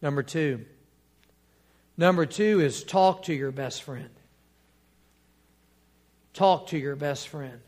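A man preaching a sermon as pastor, quoting scripture and building to emphatic, drawn-out points. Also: fairly high pitch, darkish tone. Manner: preaching with rising emphatic bursts and drawn-out key words; quotes scripture in old King James wording.

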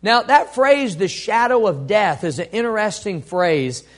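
A high-pitched man preaching from the pulpit. He calls on the congregation to repeat lines back to him, and he swings from ringing emphasis down to slow, hushed delivery. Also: animated. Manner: call-and-response preaching, dynamic swings from loud to hushed. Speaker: pastor. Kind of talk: sermon.

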